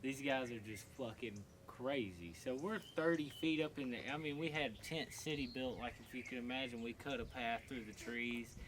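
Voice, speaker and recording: A tower climber, telling stories in a casual, profane, animated way. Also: male voice, medium pitch, normal speed, hardly any pauses, background noise. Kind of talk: casual storytelling.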